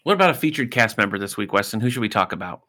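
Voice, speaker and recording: A man's voice: on the low side, lively intonation, racing, pushed and bright. A middle-aged man co-hosting a casual podcast chat, laid-back and chatty as he questions his young son. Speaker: podcast co-host.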